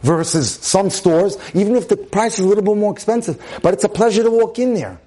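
A man with a high voice and a dark tone speaks a little fast in a sermon-style talk on marriage. Emphatic throughout, he repeats phrases and leans on rhetorical questions.

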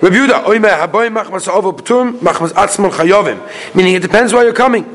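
A man giving a daily Talmud lecture, reading out phrases and explaining each one quickly, with the odd chuckle. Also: high-pitched, fairly bright tone. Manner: quick explanatory delivery, translating phrases as he reads. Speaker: Talmud teacher.

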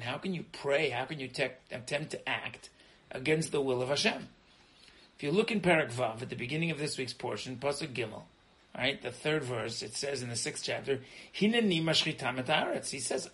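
Brief: middle-aged male rabbi, slightly high voice, animated informal Torah class, "right?" tags. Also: low-quality recording. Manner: animated, frequently asks "right?"; repeats words when starting sentences.

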